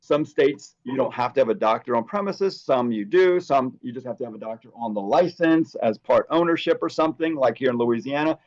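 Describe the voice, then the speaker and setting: A man's voice: mid-range voice, a little fast, hardly any pauses, highs cut off. A man co-hosting a casual chat show, telling stories as a hair replacement specialist. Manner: chatty storyteller, animated.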